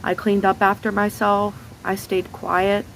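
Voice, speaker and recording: A young woman speaks to her viewers in a confessional vlog, telling a painful personal story. Her voice sits at a middle pitch, and her way of talking is candid and raw, with blunt swearing. A faint hiss of background noise stays under her speech. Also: little pitch movement, measured pace, creaky, a bit bright, poor audio. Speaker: vlogger.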